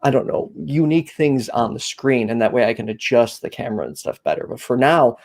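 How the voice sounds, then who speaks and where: A man who produces a call-in stream, chatting in a measured and deliberate way. His voice sits in the middle range, and he talks over a laptop stream. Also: medium pitch, big pitch swings, creaky, a little mellow. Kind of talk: casual chat.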